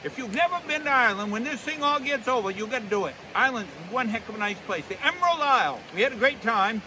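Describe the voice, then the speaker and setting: High, bright-voiced Maine storyteller man. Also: animated, quick pace, a little hiss or hum. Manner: drawling, down-home, leans into voices for characters. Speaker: humorist storyteller. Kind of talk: folksy comic storytelling. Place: outdoors in snowy woods.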